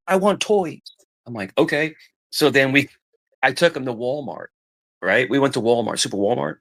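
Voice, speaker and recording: A middle-aged man chatting casually, voice sitting in an ordinary middle pitch. He rambles, repeats phrases and restarts sentences as he tells a family story. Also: gravelly, fairly bright tone. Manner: rambling, repeats himself, acts out quoted voices. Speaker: podcast guest telling family stories. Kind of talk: casual chat.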